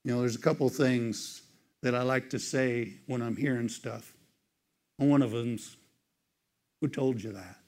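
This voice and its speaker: Man, mid-pitch, teacher preaching to a church group, conversational storyteller who jumps up high for quoted voices. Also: fairly even intonation, normal speed, a little mellow. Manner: conversational, many "it's like" asides. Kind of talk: storytelling sermon.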